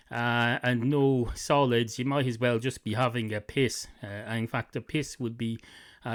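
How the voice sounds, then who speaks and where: A man's voice: medium pitch, close to an everyday voice. A man voicing an obliging barman, in a rambling, sweary, self-correcting improvised comic monologue. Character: obliging male barman, chatty and unflappable.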